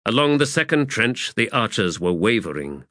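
A man reading a war novel aloud as an audiobook narrator, in measured, steady storytelling. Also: on the low side, no room sound, clean studio sound. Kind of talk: scripted narration.

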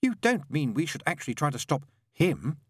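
A man's voice: a little high, sing-song, normal speed, slightly rough, dry recording, clean studio sound, voice pushed up. A man reading aloud and voicing a cynical male demon with a sardonic, exasperated manner. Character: cool, cynical male demon, fraying under stress.

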